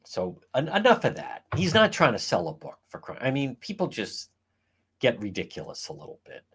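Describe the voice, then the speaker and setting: A man hosting a casual livestream, ranting in an animated, profane way. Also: mid-range voice, normal speed, husky. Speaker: livestream host.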